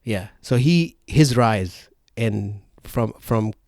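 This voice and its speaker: A man hosting a casual podcast, telling stories in a rambling way with fillers and quick laughs. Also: fairly low pitch, darkish tone, dry recording, clean studio sound. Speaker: podcast host.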